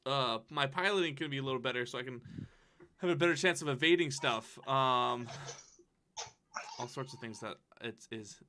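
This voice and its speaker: A man's voice: medium pitch, normal speed, sharp tone, a little hiss or hum. A man co-hosting a casual podcast, rambling with lots of fillers and frequent laughs. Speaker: podcast co-host. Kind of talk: casual chat.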